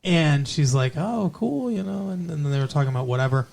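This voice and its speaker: A man's voice: mid-range voice, fast talker, creaky, a little mellow. A man co-hosting a podcast, recapping an episode in a rambling, casual way with many fillers. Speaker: podcast co-host.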